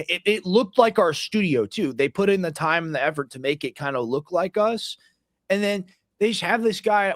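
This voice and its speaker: Male livestream co-host, somewhat high voice, rambly casual talker, dry close mic. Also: a bit bright, no echo. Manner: rambling, heavy use of "like" fillers.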